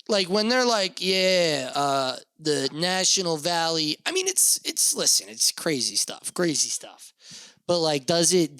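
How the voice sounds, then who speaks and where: A man's voice: on the high side, a bit bright, no echo. A young man hosting a solo podcast, rambling casually with lots of fillers and swearing. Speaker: podcast host.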